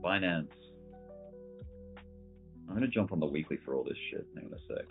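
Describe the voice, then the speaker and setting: A man's voice: deep voice, expressive, moderate pace. A man hosting casual crypto market commentary, laid-back and slangy, thinking aloud as he scrolls through charts. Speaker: host. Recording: phone-like lo-fi audio with faint music.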